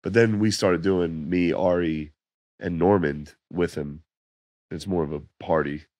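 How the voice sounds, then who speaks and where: Deep-voiced man, hoarse, laid-back storyteller. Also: steady tone, measured pace, darkish tone, dry recording. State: losing his voice. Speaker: comedian guest. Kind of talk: casual podcast chat.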